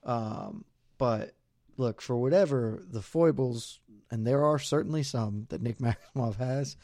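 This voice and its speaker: A man co-hosts a betting podcast in a relaxed, mellow voice. He rambles and jokes at his own expense while he lays out his picks. The sound is close and dry. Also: mid-range voice, a little slow, no echo. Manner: loose, rambling, self-deprecating. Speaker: podcast co-host. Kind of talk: casual betting podcast chat.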